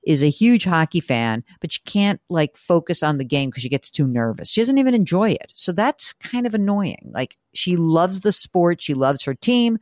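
Middle-aged woman radio host, low and lively voice, dry studio sound, playful and brisk. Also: no echo. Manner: joking, chatty, brisk. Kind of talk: call-in money show chat.

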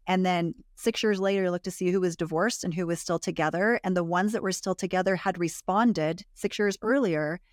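A woman's voice: on the low side, no echo, studio quality. A woman guest on a relationship podcast, earnestly explaining research findings and repeating points for emphasis. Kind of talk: conversational explaining.

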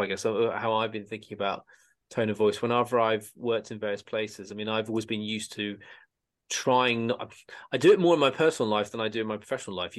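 Rambling man hosting a podcast. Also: fairly low pitch. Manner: rambling, many restarts and repeated words. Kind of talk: casual podcast discussion.

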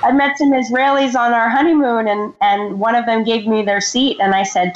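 A woman's voice: a little high, a little fast, few pauses, muffled recording. A woman from Texas, an actress and producer, chatting as an interview guest, friendly and a bit hesitant with fillers. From Texas, USA. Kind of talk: casual interview chat.

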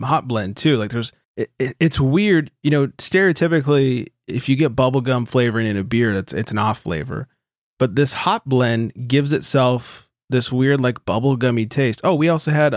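A man's voice: medium pitch, moderate pace, no echo, clean studio sound. A man hosting a beer podcast in loose, joking casual chat, swearing freely. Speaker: podcast host.

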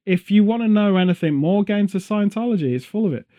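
A man's voice: sits high, fast. Sarcastic ranting man chatting. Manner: ranting, sarcastic, animated storyteller. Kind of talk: casual chat.

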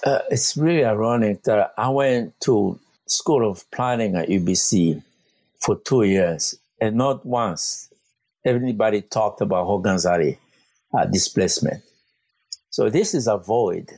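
A man's voice: lowish voice, unhurried, a little mellow, no echo. A man working as a community organizer, answering interview questions earnestly with frequent fillers and restarts. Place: Vancouver.

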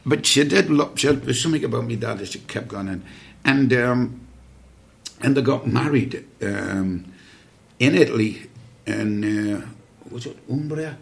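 A man's voice: mid-range voice, measured pace, vocal fry. An older man telling long, rambling family stories as a podcast guest, full of fillers and restarts. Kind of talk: anecdotal storytelling.

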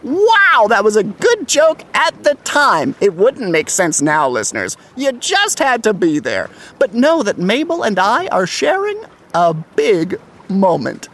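A woman's voice: medium pitch, wildly swooping pitch, fairly bright tone, full character voice. A woman playing a goofy, eager first mate who co-hosts a scripted kids' comedy podcast. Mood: chipper. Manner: chipper, zany and fast-talking.

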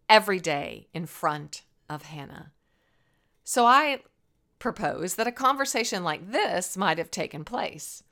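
A woman's voice: medium pitch, pushed and bright. A woman telling a Bible story as a lesson in a playful, dramatic way. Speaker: Bible teacher.

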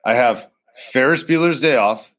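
A man's voice: medium pitch, normal speed, a bit bright. A man co-hosting a podcast, chatting casually with short, eager remarks. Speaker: podcast co-host. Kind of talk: casual chat.

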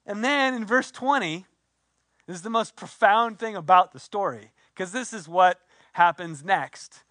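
A man preaching a sermon in a conversational, animated way with playful asides. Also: high voice, a little slow, no echo, clean studio sound. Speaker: pastor.

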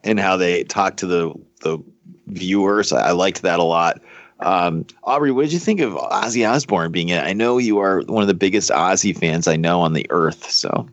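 Very deep-voiced man, dull dry sound. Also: normal speed, dry recording. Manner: laid-back, rambling, hesitant with many fillers. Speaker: podcast co-host. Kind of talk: casual chat.

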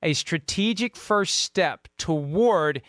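A man hosting a sports talk show, arguing quick counterpoints and steering the conversation. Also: on the high side, no room sound, clean studio sound. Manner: quick, lively, interrupts with counterpoints. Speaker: host.

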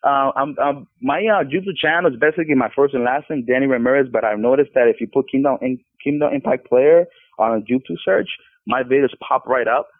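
A man's voice: medium pitch, a little fast, no room sound. A man speaking as a podcast guest, giving an earnest Christian testimony with frequent stumbling restarts. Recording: tinny phone line.

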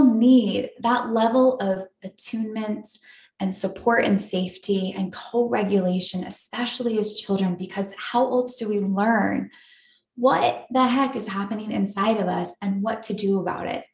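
A woman hosting a podcast, explaining things in a gentle, reassuring way. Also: mid-range voice, normal speed. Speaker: podcast host. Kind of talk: educational podcast talk. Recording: roomy echo.

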